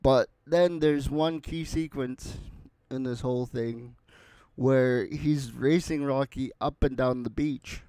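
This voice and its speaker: A man's voice: mid-range voice, steady tone, slow pace, dark tone, clear, resonant tone, no room sound. A man casually reviewing a movie, retelling scenes and quoting the characters in his own voice.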